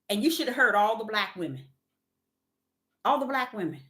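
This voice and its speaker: A middle-aged woman, telling a workplace story in a casual, animated vlog with loud acted-out quotes. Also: a little high, normal speed. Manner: animated, exclaiming, acts out quotes loudly.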